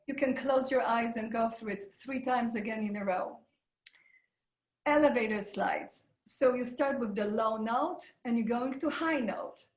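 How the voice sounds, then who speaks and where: A woman leads a live online coaching session in an encouraging tone, talking her listeners through breathing and vocal warm-ups. Her voice sits fairly high. The sound carries a noticeable room echo, as if she is speaking into a video call from a hard-walled room. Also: measured pace. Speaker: webinar presenter, voice coach.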